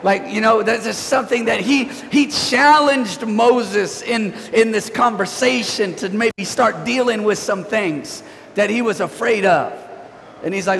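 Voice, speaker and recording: A man in his thirties, a pastor preaching a sermon in a church, chatty and animated, talking to the congregation. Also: high voice, unhurried, vocal fry, a little hiss or hum. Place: church sanctuary. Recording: reverberant church hall.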